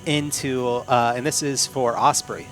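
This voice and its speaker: A man, narrating as game master in an unhurried, descriptive way. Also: mid-range voice, steady tone, a bit bright, faint music behind.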